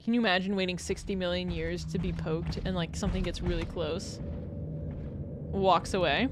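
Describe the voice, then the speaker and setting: A woman's voice: on the low side, fairly even intonation, normal speed, background noise. A woman streamer chatting casually and reacting with laughter, her nose a bit stuffy. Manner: chatty, laughing, easily amused.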